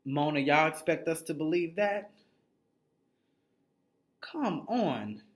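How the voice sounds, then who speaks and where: A man's voice: fairly high pitch, animated, slow. A man recaps a reality show episode in a loose, foul-mouthed way. He is blunt and gossipy and keeps acting out the lines of the people he talks about. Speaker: TV recap reviewer. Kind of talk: casual, profanity-heavy reality show recap.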